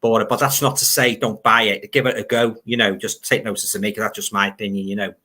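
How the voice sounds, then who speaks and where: A man's voice: lowish voice, little pitch movement, fast talker, pushed and bright. An older man with a Liverpool accent hosting a casual livestream, reading out viewer comments and rambling about films. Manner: rambling, reads viewer comments aloud, grumbles. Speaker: livestream host.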